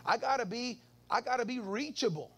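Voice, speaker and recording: A man's voice: very high-pitched, brisk, a bit bright, slightly rough. A male pastor preaching a sermon in church, calling out to the congregation and repeating words as he goes. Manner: call-and-response preaching, stammering repeats.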